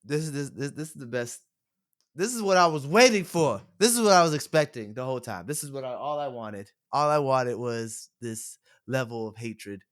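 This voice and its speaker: A young adult man co-hosting a podcast, chatting excitedly and laughing as he talks. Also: mid-range voice, normal speed. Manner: excited, quotes lines, laughs often. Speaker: podcast co-host. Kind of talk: casual chat.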